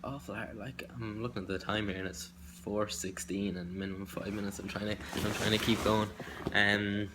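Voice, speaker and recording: A young man with an Irish accent talks about himself for an audition video, hesitant and self-deprecating. His voice sits low and stays almost completely flat. A faint hiss of noise runs underneath. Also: normal speed, few pauses. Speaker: acting hopeful.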